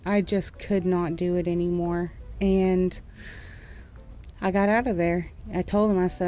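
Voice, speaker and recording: A young woman who used to teach school vents frankly and at length about her frustrations while drawing in a casual art vlog, her talk rambling and candid. She has a mellow, lowish voice with a level tone and measured pace, over faint background music and slight background noise.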